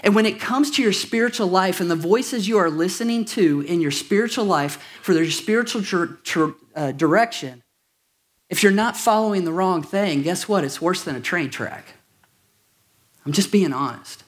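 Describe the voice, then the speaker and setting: High-voiced man preaching a casual sermon. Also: lively intonation, moderate pace. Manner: conversational, jokey asides to the congregation. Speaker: pastor. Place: church auditorium.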